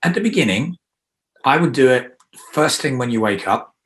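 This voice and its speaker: Energetic male coach. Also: medium pitch, moderate pace. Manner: energetic, emphatic, coaxing. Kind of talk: guided affirmation exercise.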